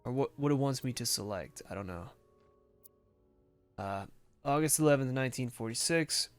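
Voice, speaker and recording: A man's voice: medium pitch, expressive, normal speed, pauses often, clean tone, no echo, faint music behind. Swearing man reading game letters. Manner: profane, blunt, reacting with frustration. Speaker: let's play gamer. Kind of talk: casual gameplay commentary and reading game text aloud. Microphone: desk microphone.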